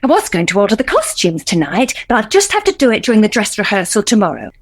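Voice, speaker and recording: A woman's voice: medium pitch, wildly swooping pitch, fast talker, husky. A woman playing a fussy, flustered middle-aged woman helping run nativity auditions in a radio sitcom. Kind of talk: comedy radio sitcom acting.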